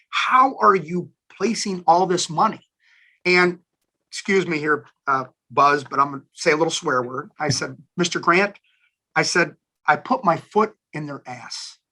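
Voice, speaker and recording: A man in his fifties, a station manager and alumni guest, telling career stories in a chatty, animated interview. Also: sits high. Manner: animated, chatty storyteller who addresses listeners as guys. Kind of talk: casual storytelling interview.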